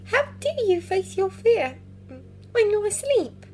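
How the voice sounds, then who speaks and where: Woman doing a high, anxious young girl. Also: big pitch swings, unhurried, a little hiss or hum, full character voice. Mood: hesitant. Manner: high, breathless and urgent. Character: frightened brave young girl.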